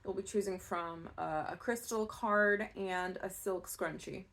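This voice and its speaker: A woman giving a casual pick-a-card tarot reading, chatty and rambling, with soft laughs and fillers. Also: mid-range voice, steady tone, unhurried. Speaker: tarot reader.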